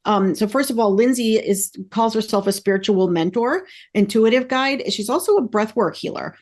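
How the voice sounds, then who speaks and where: A woman's voice: fairly high pitch, normal speed. Effusive woman podcast host. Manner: effusive and excited, rambling. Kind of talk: casual interview chat.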